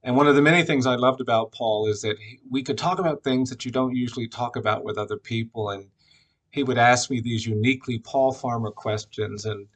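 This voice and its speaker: Gravelly-voiced man telling a personal story. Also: medium pitch. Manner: reflective, unhurried, frequent "uh" fillers. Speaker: memorial speaker.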